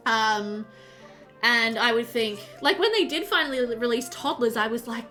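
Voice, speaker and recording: A woman talks her way through a live game stream, sliding between the game and her chat. Her voice sits a touch high and sounds bright and forward. She is chatty and easily excited, with lots of ums, and faint game music plays behind her. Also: normal speed. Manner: chatty and excitable, many fillers, reads and answers chat. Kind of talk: casual live-stream chat while playing.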